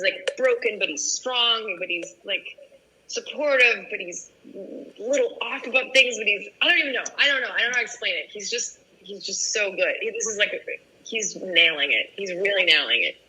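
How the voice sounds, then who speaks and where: A woman actor on a fan panel, fumbling for words with many likes. Her voice is very bright and clear-toned. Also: medium pitch, moderate pace, rough recording. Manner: gushing, searching for words. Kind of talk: casual panel chat.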